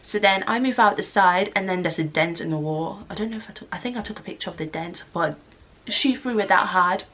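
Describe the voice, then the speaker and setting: A young woman, telling an animated storytime vlog and acting out the voices she quotes. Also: medium pitch, brisk, slight background noise. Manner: animated, acts out screams and quotes. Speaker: vlogger. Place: student flat room.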